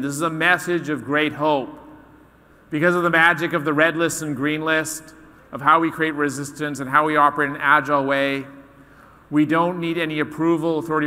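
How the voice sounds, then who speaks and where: A male conference speaker addresses a live audience with a bright, forceful voice that sits a little high. He tells his story with animation and acts out the quoted lines. His voice rings with the long reverb of a large hall. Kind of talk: keynote talk with storytelling.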